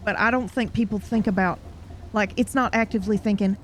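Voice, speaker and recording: A woman narrating a tabletop horror game as game master, lively and quick to exclaim. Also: medium pitch, slight background noise.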